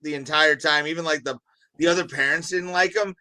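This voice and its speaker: A young man co-hosting a podcast, telling stories in a lively, profane, casual way. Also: a little high, a little fast. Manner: animated storyteller, swears freely. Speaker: podcast co-host. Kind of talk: casual chat.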